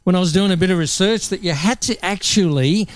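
An Australian man hosting a radio show, with a high, smooth, clear voice. He sounds eager and effusive, like a fan, and the sound is dry and close to the mic. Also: fairly quick, no echo. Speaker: radio host. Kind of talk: radio interview.

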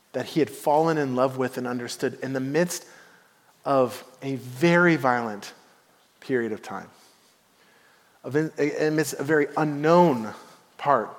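A man preaching a sermon as pastor, telling a story and swinging between hushed and emphatic delivery. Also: mid-range voice. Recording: long hall reverb.

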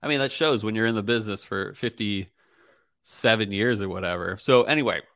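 A man's voice: fairly low pitch, moderate pace, fairly bright tone, no room sound, clean studio sound. A young man hosting a casual podcast chat, rambling with lots of fillers and easy laughter. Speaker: podcast host.

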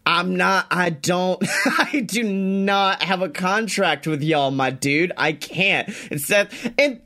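A man's voice: sits high, slow, pushed and bright. A man co-hosting a casual wrestling podcast, laughing often and swearing freely. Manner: profane, laughing, mimics others in quotes. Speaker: podcast co-host.

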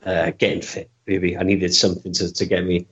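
Male guest, low-pitched, loose self-deprecating storyteller with stumbling restarts; muffled recording. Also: little pitch movement, fairly quick, fairly bright tone, slightly rough. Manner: rambling, self-deprecating, stammers and restarts often. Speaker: interview guest. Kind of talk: casual storytelling interview. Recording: dull lo-fi recording.

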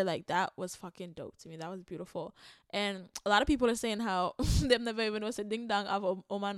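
A woman's voice: medium pitch, clean tone, no echo, studio quality. A young Jamaican woman hosting a podcast alone, talking in a rambling, candid way with lots of swearing and laughs. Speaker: podcast host. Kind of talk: casual solo podcast monologue.

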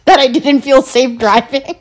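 A woman's voice: high voice, fairly even intonation, a little slow. A woman chatting casually with a partner, teasing him and laughing often. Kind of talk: casual chat.

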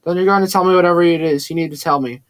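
A man's voice: on the high side, fairly even intonation, rapid-fire, no room sound, natural voice. A man voicing a cool, commanding young woman who speaks coldly. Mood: firm. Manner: cool and cold.

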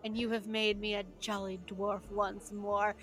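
A woman voicing a boisterous, tipsy old male dwarf who runs a tavern, with loud, jovial exclamations. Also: mid-range voice, little pitch movement, unhurried, lightly acted.

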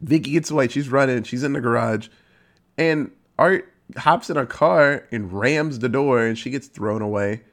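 Here a male film reviewer, pitched in the middle, walks through a horror movie's story at a moderate clip. His delivery is loose and animated, full of profanity, and his voice spikes upward now and then to stress a point.

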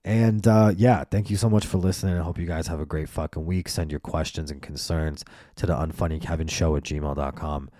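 A man's voice: very deep voice, steady tone, fairly quick, few pauses, warm tone, dry recording. A man hosting a solo podcast, ranting profanely and animatedly about his opinions, then reading sign-off plugs. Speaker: podcast host.

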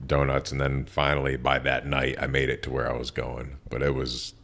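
A man in his thirties, a tattoo artist, telling a profane, animated story in a casual interview. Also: extremely low pitch, normal speed, vocal fry.

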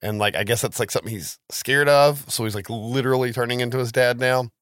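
A man's voice: mid-range voice, steady tone, quick pace, fairly bright tone, no echo, studio quality. A man casually recapping a film's plot as a podcast co-host, talking loosely with plenty of swearing and filler words. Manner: loose, profane storytelling with many "like"s. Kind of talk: casual chat.

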